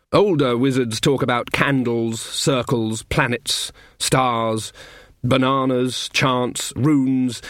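A man narrating an audiobook with a dry, wry, even delivery. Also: medium pitch, no echo.

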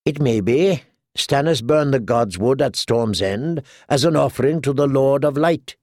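A man's voice: mid-range voice, lively intonation, a little slow, darkish tone, dry recording. A man reading an audiobook, voicing a blunt, sardonic lord who speaks dryly. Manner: dry and blunt.

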